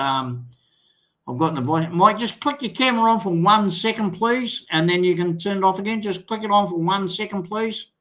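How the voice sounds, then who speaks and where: A man's voice: on the high side, fairly bright tone. An older Australian man hosting a casual live stream, rambling and swearing, calling viewers mate and son.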